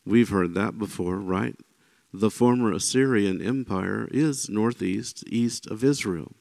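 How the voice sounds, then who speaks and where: A man's voice: lowish voice, unhurried, gravelly, no echo. A man giving an informal Bible teaching, talking conversationally and often checking in with the listener. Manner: conversational, often checks in with "right?" and "you know"; animated when voicing quoted speakers.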